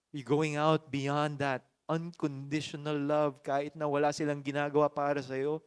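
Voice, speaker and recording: A man's voice: fairly high pitch, clean tone. Filipino man preaching a sermon. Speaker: pastor. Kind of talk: sermon to a men's group.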